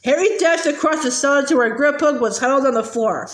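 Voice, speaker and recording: A woman reads a novel aloud in a steady voice that sometimes stumbles and clears its throat. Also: high voice, a little fast, reverberant. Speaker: audiobook reader.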